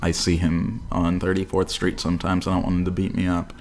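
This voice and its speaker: A man's voice: sits low, monotone, a little fast, crowd noise. Blunt, swearing man in casual talk. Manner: profane, blunt, heavy on fillers. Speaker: podcast co-host. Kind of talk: casual chat.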